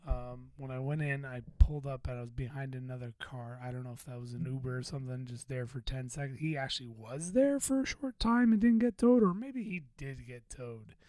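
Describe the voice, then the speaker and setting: A man's voice: mid-range voice, fairly quick, few pauses, a little mellow, dry recording. A man hosting a podcast, telling a story in a rambling, profane, self-deprecating way. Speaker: podcast host. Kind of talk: casual venting monologue.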